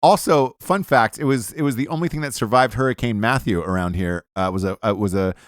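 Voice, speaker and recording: A man's voice: medium pitch, fairly quick, dry recording, studio quality. A man hosting a podcast, reading ads and joking in a brash, profane way. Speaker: podcast host. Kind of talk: casual podcast ad reads and chat.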